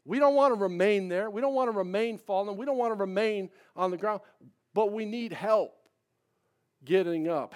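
A man's voice: high voice, moderate pace. A man, a pastor giving a folksy, conversational sermon with repeated refrains. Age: 50s.

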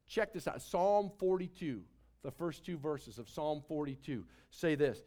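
A male pastor preaching a sermon, swinging from soft asides to loud emphasis. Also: a little high, expressive, unhurried.

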